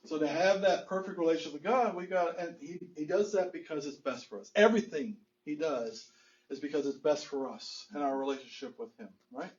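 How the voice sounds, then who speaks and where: Earnest preaching pastor, slightly high voice. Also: male voice, brisk, a little mellow, highs cut off. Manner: earnest, rhetorical questions, chuckles often. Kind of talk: sermon. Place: church sanctuary.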